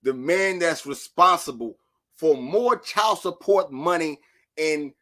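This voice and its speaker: Animated, profane man, bright voice. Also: fairly high pitch, slow pace. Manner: animated, profane, jumps to shouting in bursts. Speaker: podcast co-host. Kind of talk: casual chat.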